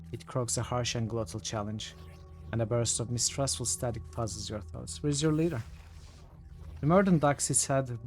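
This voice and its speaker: A man streaming a role-playing game, reading the game's narration aloud and thinking out loud between choices. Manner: thinks aloud, reads narration in a lower, quieter voice. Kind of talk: reading game text aloud and commenting casually.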